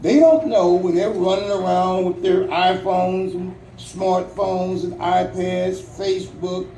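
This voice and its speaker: A man from Louisiana giving an earnest, rousing ceremonial speech outdoors, with dramatic pauses and light jokes. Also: high-pitched, flat delivery, warm tone, a little hiss or hum. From Louisiana, United States. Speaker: Veterans Day ceremony speaker. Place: outdoor memorial ceremony at a national cemetery. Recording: echoey, distant, faint outdoor ambience.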